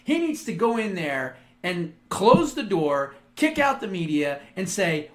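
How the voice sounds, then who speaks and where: A male show host delivering a crude, emphatic opinion monologue. He slows down and gets loud when he acts out imagined speeches. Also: high-pitched, sing-song.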